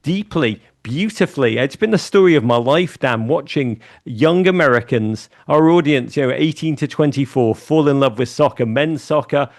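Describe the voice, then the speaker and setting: A man, a guest telling lively anecdotes in a casual interview. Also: mid-range voice. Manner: animated anecdotes, fast asides. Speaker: guest, media founder and author.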